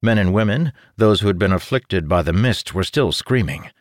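A man reading a fantasy audiobook in a steady, measured scripted narration. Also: on the low side, dry recording, studio quality.

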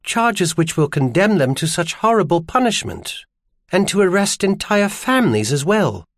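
An anguished young noblewoman speaks in earnest, pleading tones, as a man voices her in an audiobook. Her lifted voice swings widely in pitch. The recording is dry and close, with no room sound. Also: sing-song, moderate pace, no room sound. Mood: distressed. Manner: raised pitch, softened pleading delivery. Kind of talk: audiobook character voice.

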